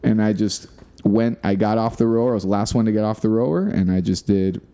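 A man in casual chat who tells his own stories and chimes in often with quick agreement. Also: lowish voice, dark tone, smooth. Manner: chatty, fills in with quick agreements.

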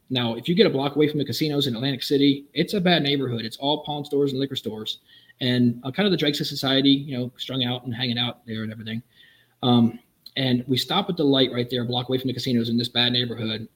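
Fast-talking, enthusiastic male storyteller. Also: mid-range voice, low-quality recording. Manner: animated, enthusiastic, quick storyteller. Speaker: guest, custom vehicle builder. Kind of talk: casual storytelling in a podcast interview.

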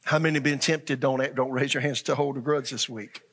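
A middle-aged pastor preaching a sermon, animated, acting out voices and asking the congregation questions. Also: male voice, mid-range voice, normal speed.

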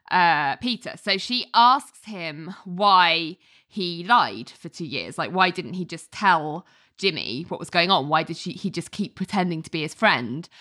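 A British woman hosting a casual chat, recapping a TV episode with lots of laughter and acted-out character lines. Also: lowish voice. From Britain. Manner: animated, laughs often, acts out characters' lines. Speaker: podcast host recapping a TV episode.

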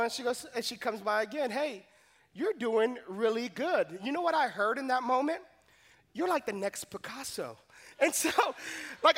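A young male pastor tells a funny story from the pulpit in an animated, self-mocking way. His voice sits very high and sounds bright and forceful. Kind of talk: sermon with humorous story.

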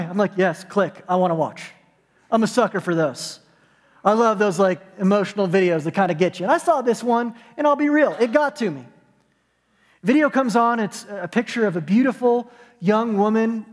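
A man with a high, light voice preaches from the pulpit, his words ringing out in a long echoing hall. He tells a story, drops to a soft hush at tender moments, and builds to emphatic, rising calls. It sounds like a church sanctuary. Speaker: pastor. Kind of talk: sermon.

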